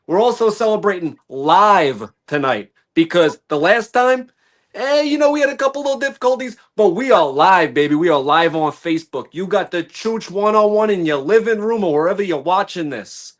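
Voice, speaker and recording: A man's voice: sits high, normal speed. A man guesting on a wrestling podcast, talking in a brash, cocky and playful way. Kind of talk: casual podcast chat.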